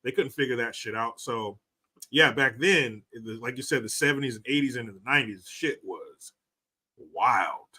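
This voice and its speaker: A man's voice: medium pitch, normal speed, sharp tone. A man hosting a casual podcast, talking bluntly and loosely with lots of swearing. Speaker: podcast host.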